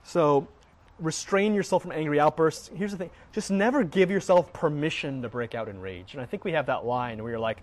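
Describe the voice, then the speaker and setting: A man's voice: on the high side, animated, a little fast. Earnest man teaching on faith. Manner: earnest, repeats words often. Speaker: Christian teacher.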